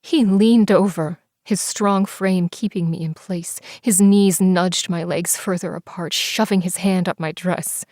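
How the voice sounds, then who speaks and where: A woman narrating a first-person romance audiobook, expressive and sometimes dropping to soft whispers. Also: lowish voice, unhurried, few pauses, no room sound, clean studio sound. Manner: expressive, breathless in tense scenes, shifts into soft whispers.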